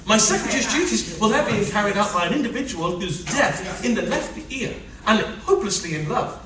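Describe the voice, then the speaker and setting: A man's voice: high-pitched, lively intonation, fairly quick, recorded from a distance, crowd noise. An actor playing a harried middle-aged official and overworked family man, pleading and complaining melodramatically in a stage rehearsal, recorded from afar in an echoey room. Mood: weary complaint.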